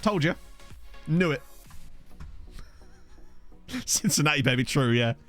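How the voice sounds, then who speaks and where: A man's voice: a little high, sing-song, takes it slowly, fairly bright tone, soft background music. A man doing live-stream commentary on a game, chatty and giggly, swearing freely into a desk microphone. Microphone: desk USB condenser mic.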